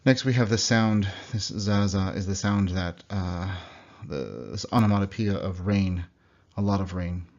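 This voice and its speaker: A young American language teacher gives a recorded slide lecture on pronunciation in a low, deep, darkish voice. He explains each sound, then demonstrates the example word slowly and repeats it several times. The audio is dull and lo-fi, like a computer mic recording.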